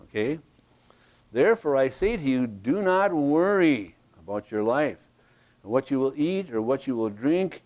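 A man's voice: mid-range voice, a little mellow. A man preaching a sermon to his congregation, reading Scripture aloud and checking in with them. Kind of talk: verse-by-verse sermon.

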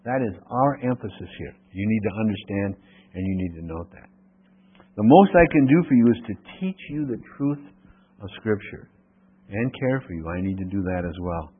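A man's voice: on the low side, lively intonation, moderate pace, breathy edge. A man preaching an expository Bible sermon. He reads scripture aloud, then explains it and asks the congregation questions. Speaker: pastor. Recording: tinny phone-like radio broadcast.

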